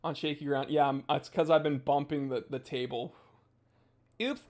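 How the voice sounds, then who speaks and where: A young man hosting a casual livestream, reading viewer comments aloud in a goofy, jokey way with sudden loud outbursts. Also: fairly high pitch, steady tone, brisk. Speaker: watch channel host.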